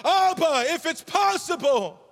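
Impassioned Jesus pleading in prayer, as a male preacher acts it out, high and loud in a church hall with a long reverb. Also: lively intonation, measured pace, exaggerated voice.

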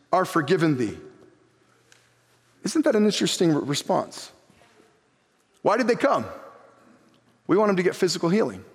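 A man preaching an animated sermon as pastor, reading scripture aloud and acting out the people in it. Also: sits high. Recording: long hall reverb.

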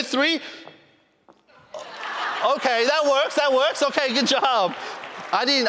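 A male pastor preaching in a church with a high, light voice. He moves between playful asides to the kids and slow, weighty emphasis, and a long reverb hangs in the hall behind him. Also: fairly bright tone. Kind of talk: sermon. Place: church sanctuary.

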